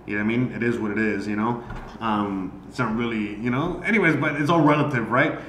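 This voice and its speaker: A man's voice: mid-range voice, brisk, a bit bright. A man, an amateur comedian streaming, ranting casually and profanely and rambling with many fillers. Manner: rambling, heavy on "you know" fillers. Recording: roomy echo, faint background noise.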